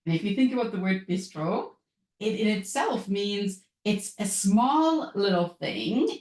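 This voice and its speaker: A woman from Europe with a European accent, a business and wellness coach hosting her podcast in an upbeat, chatty way. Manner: upbeat, chatty, lively pitch swings. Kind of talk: solo podcast talk. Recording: echoey room.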